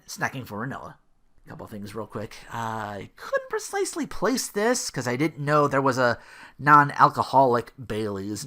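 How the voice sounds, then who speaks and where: A man's voice: a little high, sharp tone. Rambling man hosting a solo podcast. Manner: rambling and self-deprecating, trips over his words. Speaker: podcast host. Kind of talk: casual solo podcast monologue.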